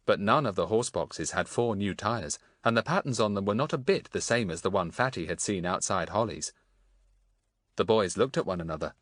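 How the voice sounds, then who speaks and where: A man narrating a children's audiobook in a measured, storytelling manner. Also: on the low side, no room sound, studio quality. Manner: measured storytelling with lively intonation. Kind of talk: scripted narration of a children's book.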